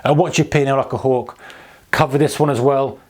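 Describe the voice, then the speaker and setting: A man's voice: mid-range voice, fairly even intonation, a little fast, a little mellow. A man giving tongue-in-cheek trading advice to camera, with mock-enthusiastic, ironic urging. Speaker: trading educator.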